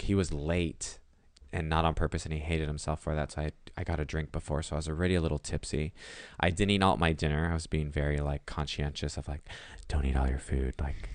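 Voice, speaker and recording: A man's voice: a bass voice, dry recording. A young adult man, a podcast guest, telling a story casually and acting out the quotes. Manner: animated storyteller who acts out quotes.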